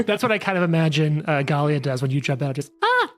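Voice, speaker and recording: Rambling male game master. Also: a little high. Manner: rambling, filler-heavy, bursts of fast asides. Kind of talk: narrating a tabletop game.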